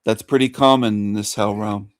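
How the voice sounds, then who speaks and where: A man's voice: fairly low pitch, fairly even intonation, normal speed. A man hosting a radio show, breaking in over played clips with mocking, scornful commentary.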